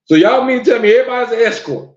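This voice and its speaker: A man's voice: very high voice, animated, racing. A man hosting a podcast, ranting on a live stream to his viewers and firing off rhetorical questions in disbelief. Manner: incredulous, fires off rhetorical questions. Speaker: podcast host. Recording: roomy, dull lo-fi sound.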